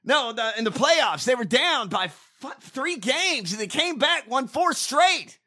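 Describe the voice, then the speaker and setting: A man hosting a casual podcast, ranting with profanity and bursts of shouting. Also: very high-pitched, big pitch swings, measured pace. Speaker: podcast host. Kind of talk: casual chat.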